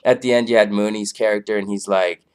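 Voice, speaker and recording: A man with a fairly low voice talks through a comedy show review in a loose, rambling way. He drifts between thoughts and leans on fillers as he goes. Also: fairly even intonation, quick pace, smooth. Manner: loose, filler-heavy, laid-back.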